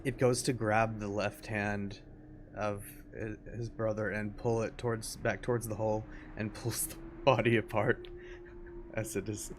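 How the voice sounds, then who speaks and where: Brief: young male game master, lowish voice, relaxed halting narration. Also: a little hiss or hum. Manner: easygoing, hesitant with fillers.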